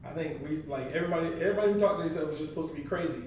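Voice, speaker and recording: A man with a high voice talks casually on a podcast, telling animated stories and acting out other people's lines. He sits far from the microphone, so his voice rings around a very echoey room with a faint low rumble behind it. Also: racing. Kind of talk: casual chat.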